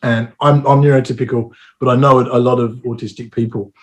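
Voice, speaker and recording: A man co-hosting a podcast, calmly and thoughtfully arguing the other side of a debate. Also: mid-range voice, brisk. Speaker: co-host. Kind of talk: casual podcast chat.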